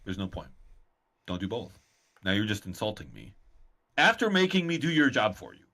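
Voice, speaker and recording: Lively, ranting male podcast co-host. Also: lowish voice, normal speed. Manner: ranting, exasperated. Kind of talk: casual chat.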